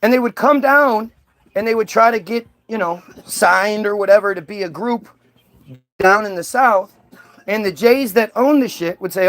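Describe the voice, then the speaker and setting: High-voiced man rambling on a podcast. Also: expressive, normal speed, fairly bright tone. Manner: rambling, profane, emphatic. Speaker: podcast host. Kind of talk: casual chat.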